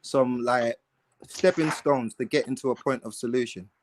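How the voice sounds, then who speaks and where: A man's voice: medium pitch, steady tone, moderate pace, slight background noise. A man, rambling with lots of fillers and slang in a panel discussion.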